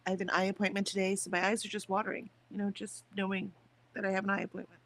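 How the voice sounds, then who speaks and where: A woman talks in a loose, rambling way to her livestream chat. Her pitch sits in the middle for a woman. She chats casually about her morning. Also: flat delivery, fast talker, fairly bright tone, a little hiss or hum. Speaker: livestream host.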